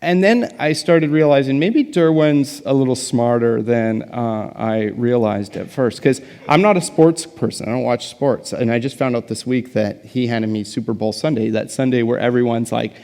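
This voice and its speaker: A man's voice: mid-range voice, moderate pace, few pauses, darkish tone. A young adult man giving a casual, self-deprecating guest sermon, chatty and full of fillers and jokes. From Canada. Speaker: guest pastor. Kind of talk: conversational sermon. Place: large church hall. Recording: reverberant church hall.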